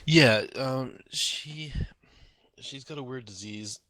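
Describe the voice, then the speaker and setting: A man's voice: medium pitch, takes it slowly, sharp tone. A man chatting casually as a player in an online tabletop game, rambling on between turns. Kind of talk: casual chat over online voice chat.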